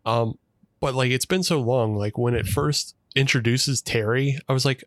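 A man's voice: mid-range voice, normal speed, a bit bright, dry recording. A man co-hosting a podcast in casual chat, laid-back with chuckling asides. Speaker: podcast co-host.

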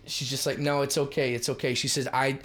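A middle-aged man from Minnesota, telling ministry stories in a lively, emphatic way as a podcast guest. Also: mid-range voice. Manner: lively, emphatic, quick shifts in loudness. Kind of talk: animated storytelling in a podcast chat.

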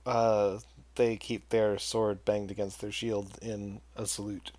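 A man running a tabletop game as game master, narrating in an unhurried, hesitant way. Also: lowish voice, flat delivery, darkish tone.

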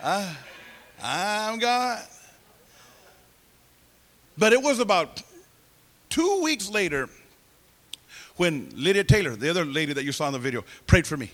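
Animated high-voiced man giving a testimony. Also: measured pace, pauses often. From California. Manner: animated storytelling, acts out quoted voices. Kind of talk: sermon testimony.

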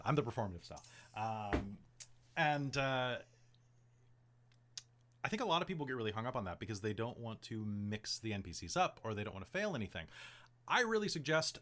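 A man's voice: medium pitch, big pitch swings, brisk, fairly bright tone. A man hosting a casual podcast, giving game-master advice in a chatty, rambling way full of "like" and "um". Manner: chatty, rambling, heavy use of "like" and "um".

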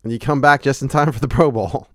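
A man's voice: mid-range voice, brisk, dry recording. Guy cohosting a chill podcast, teasing, kinda wry, dry close mic. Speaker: podcast co-host. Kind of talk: casual chat.

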